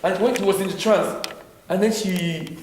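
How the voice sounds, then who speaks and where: A middle-aged Nigerian-accented man gives a Bible teaching in a very echoey church room. His voice sits fairly high, and he stalls and repeats words often. Faint noise hums behind him. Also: fairly even intonation. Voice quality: halting, many repeated words.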